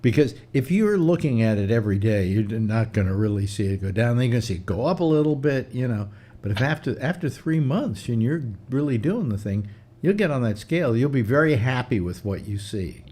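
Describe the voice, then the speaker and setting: An older man hosting a casual chat show, telling stories in a chatty, animated way. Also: medium pitch, brisk. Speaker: host.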